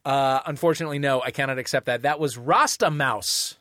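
A man hosting a comedy quiz podcast, playful and quick to laugh. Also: medium pitch, a bit bright, dry recording, studio quality. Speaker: quiz show host.

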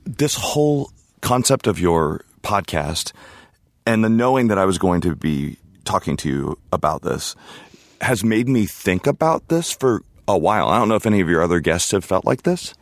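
A man with a very deep voice chatting as a podcast guest, his sound close and dry. He teases with deadpan humor and talks easily, speaking into a studio mic while wearing headphones. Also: normal speed, dry recording. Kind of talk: casual interview chat. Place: his own home setup in a remote recording.

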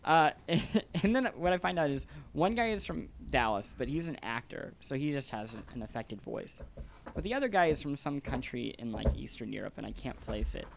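Animated male podcast storyteller. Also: medium pitch, a little fast, creaky, noisy background. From lives in Manhattan. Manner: animated storyteller, acts out voices in quotes. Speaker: podcast co-host. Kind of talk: casual chat, telling a story.

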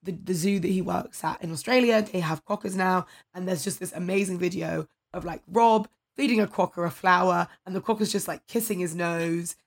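A woman's voice: fairly low pitch, a little fast, few pauses. A woman with an English accent co-hosting a podcast in casual chat, talking loosely with lots of "like" and "you know what I mean". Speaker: podcast co-host.

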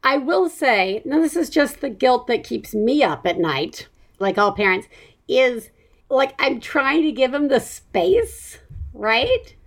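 A woman's voice: sits high, sing-song, takes it slowly. A woman hosting a parenting podcast in casual chat, rambling and self-mocking and often laughing as she talks. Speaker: podcast host.

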